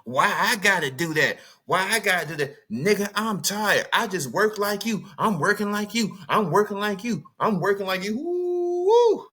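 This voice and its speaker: A man's voice: normal speed, few pauses, bright, forceful tone, husky, full character voice. A man putting on a mocking voice of a complaining, tired working wife. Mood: whining. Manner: whiny, mocking, high-pitched.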